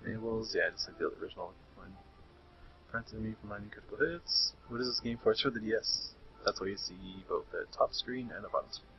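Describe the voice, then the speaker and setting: A young let's-play streamer speaks fast in a lowish voice with vocal fry, over slight background noise. He chats with a friend as he plays a handheld game, laughing often and reading the menus aloud, while faint game music sits in the lo-fi stream audio.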